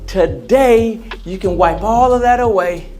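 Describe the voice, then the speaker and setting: In a big convention center hall with soft music behind him, a man delivers a conference speech on emotional wellness as a motivational speaker. His high-pitched voice has a darkish tone and measured pace, and he pulls the audience in with questions and acted-out quotes.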